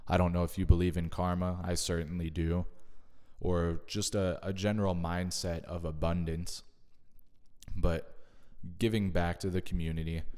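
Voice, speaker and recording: Low-voiced man summarizing books, reverberant. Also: darkish tone. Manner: thoughtful, measured, adds personal asides. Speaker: video creator summarizing books. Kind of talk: casual spoken book summary.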